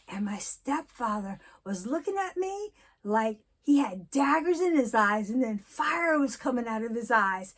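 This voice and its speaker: A woman in her sixties talking candidly in a personal vlog, telling stories and reflecting slowly. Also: high voice, animated. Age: 60s. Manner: candid storytelling, slow and reflective. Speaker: vlogger.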